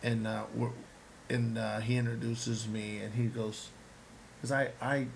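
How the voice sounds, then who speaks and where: A man's voice: medium pitch, level tone, normal speed, gravelly, a little hiss or hum, poor audio. A man, an actor and comedian, telling a long story in casual chat, acting out the quotes and swearing freely.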